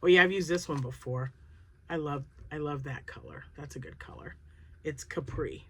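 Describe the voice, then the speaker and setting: A woman hosting a crochet channel, chatting casually and thinking aloud as she excitedly unboxes yarn. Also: sits low, normal speed, slightly rough.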